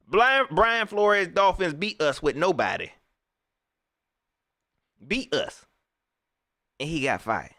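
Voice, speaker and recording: Animated, emphatic man ranting live. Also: high voice, measured pace, dry recording, studio quality. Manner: animated, emphatic, repeats phrases. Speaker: live stream host. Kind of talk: casual live stream rant.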